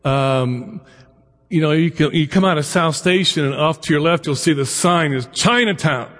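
A man's voice: a little high, moderate pace, a bit bright. Chatty middle-aged man lecturing in a hall. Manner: chatty, many asides and rhetorical questions. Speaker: lecturer on the Bible and immigration. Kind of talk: conversational lecture with anecdotes.

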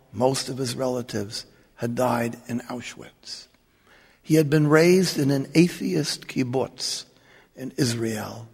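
A Catholic priest tells wry, joking stories to an audience. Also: male voice, medium pitch, creaky, slightly rough. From New York. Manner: wry, joking, animated storyteller. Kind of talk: humorous storytelling talk. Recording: long reverb of a large hall.

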